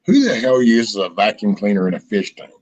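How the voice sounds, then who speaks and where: Animated swearing man, dull lo-fi mic. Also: lowish voice, brisk. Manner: animated, swearing, acts out scenes in a raised voice. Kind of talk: casual chat.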